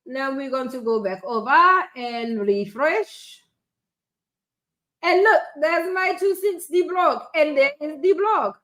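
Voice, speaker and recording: A woman hosting a casual screen-share tutorial, thinking aloud, chatting and laughing at her own jokes. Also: high-pitched. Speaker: life coach and tech tutorial host.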